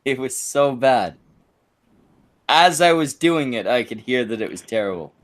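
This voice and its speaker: Streamer dude rambling crude banter, uh uh, voice jumps all over. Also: male voice, mid-range voice, expressive, measured pace. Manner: rambling, many fillers and restarts. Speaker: stream co-host.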